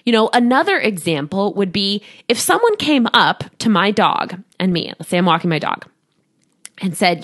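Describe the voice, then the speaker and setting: Animated woman hosting a solo podcast. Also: medium pitch, moderate pace. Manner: animated, laughs often, acts out quoted voices. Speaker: podcast host and coach. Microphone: studio microphone.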